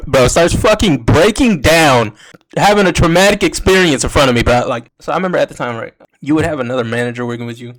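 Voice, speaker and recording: A man's voice: a little high, fast. A young adult man telling a storytime in a casual, profane, slang-heavy way, with constant asides to the listener. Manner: profane and slangy, peppered with "bro". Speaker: storytime vlogger.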